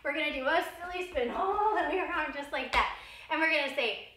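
A young woman leads a children's dance class in a very high, bright voice, playful and full of encouragement. Her words ring around an echoey room while faint music plays underneath. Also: brisk. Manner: playful and encouraging, with frequent gasps. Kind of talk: kids' movement lesson.

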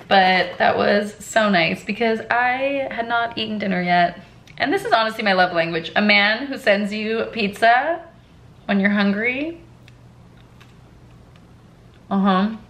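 A woman's voice: mid-range voice, a bit bright. A woman in her twenties, talking to camera in a casual vlog from her apartment, bubbly and chatty with lots of fillers. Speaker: vlogger and brand founder.

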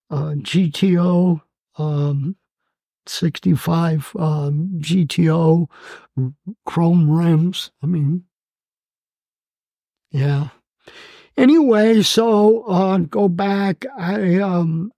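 A man in his eighths decade, a Marine veteran, telling his story in an oral-history interview, halting and emotional with many fillers and restarts. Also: high voice, gravelly, dark tone, breathy edge, no echo. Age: 80s.

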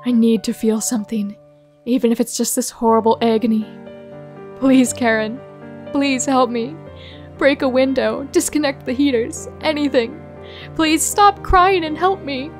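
A woman's voice: sits high, measured pace, soft background music. A woman voicing a dying male snowman who pleads desperately and gasps in agony. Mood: panicked, choking. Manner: desperate, gasping pleas. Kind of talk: comic dramatic reading.

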